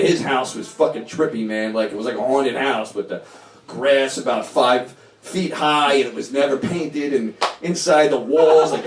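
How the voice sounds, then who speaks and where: Rambling, profane man telling a story on stage. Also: far from the mic. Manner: profane, rambling, swings from loud animated bursts to low mumbles. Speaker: storyteller at a live storytelling night. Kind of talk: live first-person storytelling. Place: small bar venue with live audience. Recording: echoey room, voice picked up from afar.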